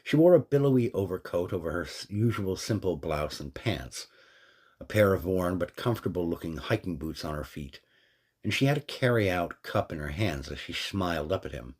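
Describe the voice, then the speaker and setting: A man narrating a fan story in a steady, descriptive way. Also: sits low, normal speed, husky.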